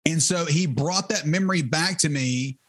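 A man in middle age tells his story with fervent conviction, his voice sitting a little higher than most men's. He talks conversationally, stumbling and restarting phrases as he goes. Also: normal speed, fairly bright tone, breathy edge. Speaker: interview guest, ministry leader. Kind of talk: testimony in conversation.

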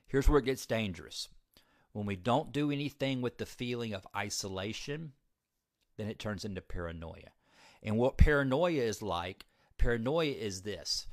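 A man's voice: lowish voice, animated, moderate pace, no echo, studio quality. A man giving a motivational talk about recovery, emphatic, repeating key points and putting questions to his listeners. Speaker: recovery speaker.

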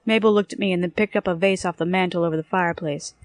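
A woman narrating a first-person story in a brisk, wry storytelling manner. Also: on the low side, steady tone, no echo. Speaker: audiobook narrator.

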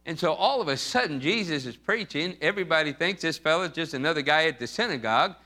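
Male pastor, emphatic repetitive sermon, bright voice, slightly high. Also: animated, fast talker. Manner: emphatic and repetitive, acting out Bible figures. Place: church.

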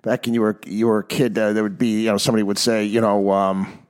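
A man hosting a talk program, ranting in an exasperated monologue that swings from loud outbursts to low mutters, in his fifties. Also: steady tone, fast talker. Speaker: radio talk show host. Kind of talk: opinionated monologue.

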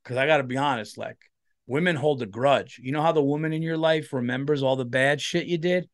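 Podcast comedian: tired man, rambling, profane, animated, mid-pitched. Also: fairly quick, no echo, studio quality.

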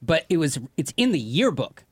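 A man co-hosting a morning radio show, sarcastic and quick with stories. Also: a little high, big pitch swings, husky, dry recording. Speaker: radio co-host.

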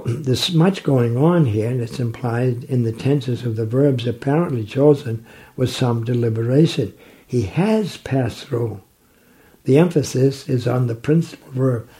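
A man explaining a Bible passage in conversation, reading verses slowly and reflecting on them. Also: medium pitch, dark tone, low-quality recording. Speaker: Bible teacher. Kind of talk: scripture commentary in conversation.

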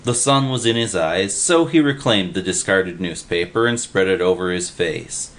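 A man narrating an audiobook in a measured, even storytelling manner. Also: low-pitched. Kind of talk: scripted narration.

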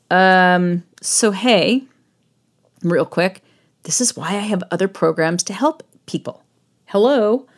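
Middle-aged woman doing a solo podcast, kinda low voice, blunt, swears a lot, laughs at herself. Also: slow pace. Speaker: podcast host.

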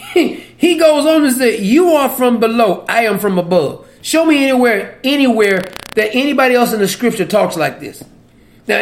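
A man giving an informal Bible teaching, animated and folksy, laughing often between verses. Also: high voice.

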